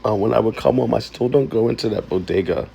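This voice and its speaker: A man telling a painful personal story, halting and emotional, close to tears. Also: fairly low pitch, creaky, warm tone, lo-fi sound, slight background noise. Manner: emotional, halting, with many ums and likes. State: tearful. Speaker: vlogger.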